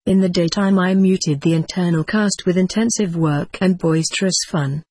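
A narrator reading a first-person story aloud in an even, measured way. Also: medium pitch, husky, no room sound. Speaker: audiobook narrator. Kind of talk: scripted narration.

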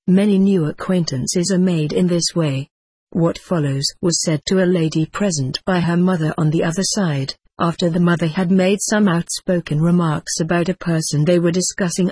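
A narrator reading an old book aloud in an even, measured way, giving quoted speakers the same voice as the narration. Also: mid-range voice, husky, no echo.

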